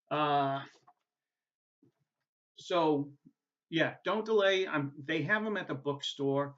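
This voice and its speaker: A man's voice: fairly high pitch, takes it slowly, long pauses, fairly bright tone. A man with a New England accent, a college instructor talking casually through a recorded course welcome video, often checking in with "right?". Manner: casual and chatty, tags points with "right?", many "uh" fillers. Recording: dull lo-fi recording.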